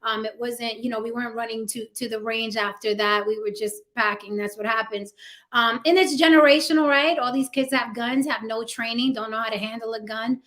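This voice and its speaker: A woman's voice: a little high, steady tone, brisk, a bit bright. Chatty woman hosting a live show. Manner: chatty, frequent ums and "right?" asides. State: slightly losing her voice. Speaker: host. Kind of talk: casual live-stream talk.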